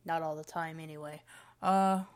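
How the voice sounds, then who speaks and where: A woman's voice: sits low, fairly even intonation, moderate pace. A woman reviewing sodas in a rambling, self-correcting casual monologue, her words a little slurred. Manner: rambling, restarts often, talks to herself; slightly slurred. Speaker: soda review vlogger.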